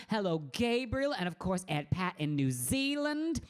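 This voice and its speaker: A woman's voice: medium pitch, big pitch swings, a little slow. A middle-aged woman, a singer hosting her own live stream, chatting in a bubbly, campy way and greeting viewers by name from a room at home. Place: home room with a green screen.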